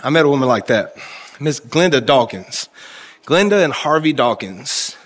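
A man's voice: mid-range voice, animated, normal speed. A man preaching a sermon to his church, telling stories with humor and talking straight to the congregation. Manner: folksy storytelling with humor; conversational, addresses congregation directly. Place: church service.

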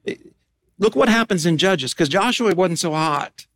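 A middle-aged man preaching a sermon as pastor, animated, swinging between loud emphatic bursts and hushed asides. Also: sits high, normal speed.

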